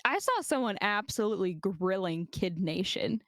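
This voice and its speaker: A woman's voice: medium pitch, lively intonation, moderate pace, fairly bright tone, dry recording. A young adult woman chatting as a podcast guest, blunt and profane, laughing often. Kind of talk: casual chat.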